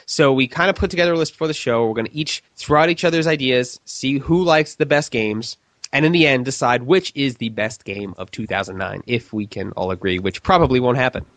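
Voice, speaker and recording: A man's voice: medium pitch, brisk, a bit bright, no room sound. A man with a cold hosting a casual games podcast, with jokey, upbeat patter. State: sick with a cold. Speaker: podcast host.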